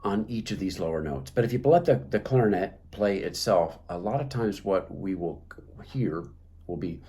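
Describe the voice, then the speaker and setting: A man's voice: low voice, animated, normal speed, mellow. A man teaching clarinet technique, talking through the music with many fillers and restarts. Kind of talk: instructional talk.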